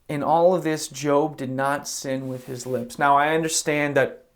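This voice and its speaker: A man preaching a sermon as pastor, retelling scripture in a casual, conversational way and briefly acting out the characters' lines. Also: mid-range voice. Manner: casual storytelling, acts out quoted characters; conversational with fillers like "you know" and "like".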